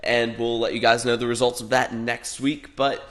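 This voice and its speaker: A man's voice: medium pitch, little pitch movement, moderate pace, fairly bright tone. A young man co-hosting a casual gaming podcast, upbeat and enthusiastic, with a stuffy nose from a cold. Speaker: podcast co-host.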